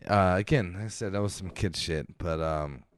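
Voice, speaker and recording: A man's voice: deep voice, normal speed, smooth, no room sound. A man co-hosting a podcast, telling a long casual story full of swearing, laughs and acted-out quotes. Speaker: podcast co-host.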